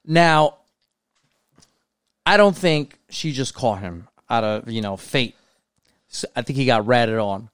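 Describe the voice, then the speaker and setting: A man's voice: mid-range voice, animated, slow, pauses often, clean tone, no echo. A man co-hosting a podcast, ribbing his partner in casual banter. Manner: teasing, dry ribbing. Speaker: podcast co-host.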